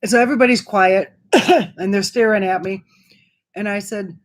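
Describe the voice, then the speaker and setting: A woman's voice: mid-range voice, moderate pace. A middle-aged woman from Wisconsin, telling a personal story to her channel in a chatty way with many fillers and restarts. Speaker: vlogger.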